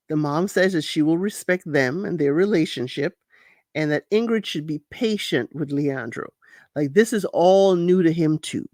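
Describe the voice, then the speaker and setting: A woman hosting a casual reality show recap, animated and laughing often, acting out quotes in high voices. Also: no room sound, studio quality.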